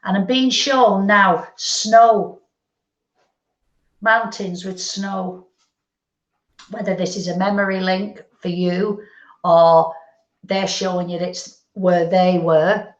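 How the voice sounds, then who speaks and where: A woman working as a medium, gently relaying messages in a meandering way during a live spiritual reading. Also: mid-range voice, steady tone, slow pace, pauses often. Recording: roomy, dull lo-fi sound.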